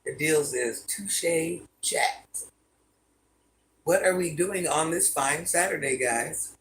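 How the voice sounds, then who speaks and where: A deep, slow voice comes from a woman in her fifties hosting a home livestream, with a little hiss or hum audible. She reads viewers' comments aloud and gives each an easygoing answer.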